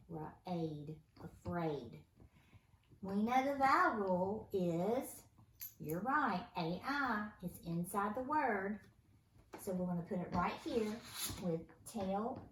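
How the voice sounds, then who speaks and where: A woman teaching a first grade phonics lesson, patiently encouraging her pupils to read each word aloud, recorded at home. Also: fairly low pitch. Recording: roomy, distant, noisy home recording.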